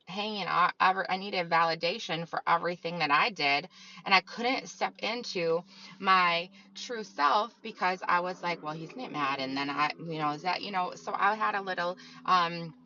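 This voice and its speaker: A woman's voice: fairly low pitch, normal speed, bright, forceful tone, dull audio. A woman host in a casual spiritual monologue, talking in a rambling, meandering way full of fillers. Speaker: channel host.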